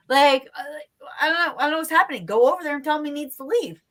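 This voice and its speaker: A woman's voice: sits high, racing. Blunt, swearing woman telling a story. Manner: blunt, animated storyteller who swears freely. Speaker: podcast co-host. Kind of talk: casual storytelling chat.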